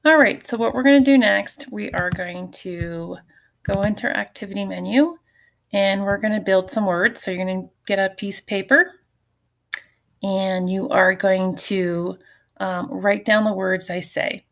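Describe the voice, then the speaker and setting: A woman's voice: mid-range voice, a little slow, gravelly. A middle-aged woman teacher giving a recorded phonics lesson, patiently sounding out syllables and letters for her students.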